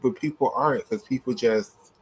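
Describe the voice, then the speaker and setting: Young man, ranting vlog commentary, blunt, profane, repetitive, middle pitch. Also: moderate pace, husky. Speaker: gymnastics commentator.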